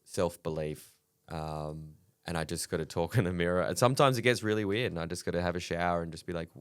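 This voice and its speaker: Low-voiced man, candid and profane. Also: steady tone, fast talker, clean tone, no echo, clean studio sound. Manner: candid, swearing, laughs between stories. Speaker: comedian guest. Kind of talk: casual podcast chat.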